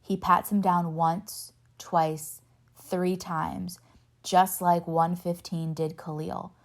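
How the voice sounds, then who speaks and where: A woman reads a novel aloud in a steady first-person narration. Her voice sits on the low side with a gravelly fry, and she gives the dialogue a light touch. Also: slow. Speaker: reader.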